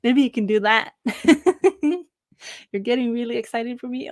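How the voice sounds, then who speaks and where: A woman's voice: a little high, steady tone, moderate pace, no room sound, clean studio sound. A young woman from Norway chatting casually on a live stream, reading chat messages aloud and laughing often between hesitant fillers.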